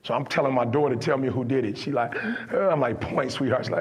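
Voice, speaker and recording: Middle-aged male motivational speaker, husky, gravelly voice, acts out dialogue in his stories and swells into impassioned preaching. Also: mid-range voice, fast, hardly any pauses. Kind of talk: motivational speech with storytelling.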